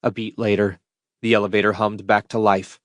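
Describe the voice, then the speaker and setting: A man narrating a science fiction audiobook in a steady, measured read into a close mic. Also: lowish voice, dry recording. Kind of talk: scripted narration.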